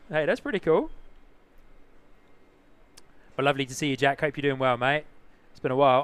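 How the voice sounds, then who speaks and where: New zealand man, live stream host, chatty and upbeat, smooth clear voice, outdoors. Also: fairly high pitch, a bit bright. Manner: chatty, greets viewers, upbeat slang. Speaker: livestream host, plane spotter. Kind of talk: casual live commentary. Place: outdoors near an airport.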